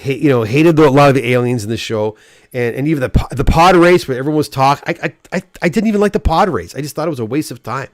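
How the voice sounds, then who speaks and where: A man's voice: medium pitch, animated, quick pace, no echo, studio quality. Ranting, stammering male live-stream host. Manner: opinionated, ranting, stammering restarts. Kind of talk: casual live-stream chat reading comments.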